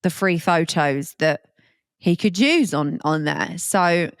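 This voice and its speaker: A woman's voice: lowish voice, smooth, no echo, studio quality. A young woman in her twenties, co-hosting a podcast in casual chat, reacting and teasing her co-host. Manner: reactive, quick teasing interjections.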